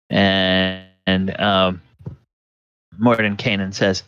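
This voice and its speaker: A man narrating as game master of a tabletop game, unhurried with many pauses. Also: sits low, level tone, a bit bright, no room sound, lo-fi sound. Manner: unhurried, frequent ums and uhs.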